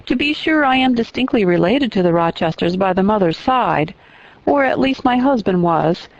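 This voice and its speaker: A kindly elderly housekeeper, voiced by a woman, full of fussy exclamations and gentle gossip. She speaks from a dry, close storybook recording with a slightly muffled sound. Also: medium pitch, lively intonation, moderate pace, no room sound. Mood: chatty.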